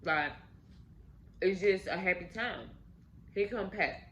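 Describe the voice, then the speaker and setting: A woman's voice: medium pitch, slow pace, dull audio, a little hiss or hum. A woman host casually telling a story while eating, talking directly to her viewers. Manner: animated, addresses viewers directly. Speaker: channel host.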